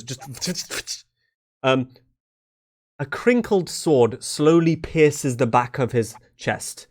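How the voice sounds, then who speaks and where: A young man narrating a tabletop game as dungeon master, loose and full of fillers. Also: medium pitch. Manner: loose, with many fillers and restarts.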